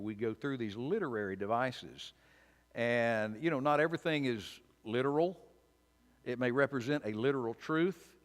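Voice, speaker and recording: A man delivering a casual, opinionated sermon in a church. His mid-range voice rings with a long hall reverb. He talks informally, with a dry, wry edge and frequent restarts. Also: medium pitch. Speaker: preacher teaching a Bible study. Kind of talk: conversational sermon. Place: church sanctuary.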